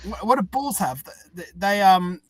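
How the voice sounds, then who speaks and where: A man hosting a casual chat, laughing often and talking haltingly with fillers. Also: sits high, expressive, no echo. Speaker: podcast host.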